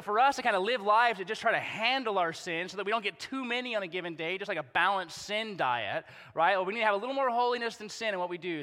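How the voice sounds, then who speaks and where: Animated male pastor, bright voice, hall reverb. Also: high-pitched, fast talker, hardly any pauses. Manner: conversational, animated preaching with repeated rhetorical questions. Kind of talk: sermon.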